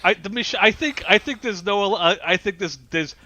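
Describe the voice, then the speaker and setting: A man chats as a podcast host, his voice bright and a bit higher than most. He tells stories with plenty of energy, laughs often and restarts his sentences as he goes. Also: moderate pace, slight background noise. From New York. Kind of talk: casual chat.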